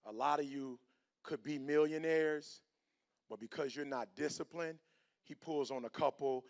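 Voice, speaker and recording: A middle-aged man giving a motivational talk, animated and preachy, with slang, swinging from hushed to loud. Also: a little high, normal speed, vocal fry. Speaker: motivational speaker. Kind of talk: motivational speech.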